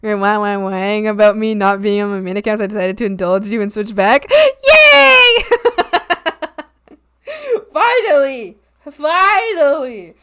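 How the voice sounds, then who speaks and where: A young woman streaming from home, chatting casually with lots of ums, giggles and sudden excited squeals. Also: fast talker, few pauses, clear, resonant tone. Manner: bursts into high squeals and shouts when excited. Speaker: art streamer. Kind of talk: casual chat while reading chat. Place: home room. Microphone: desk mic at a streaming setup.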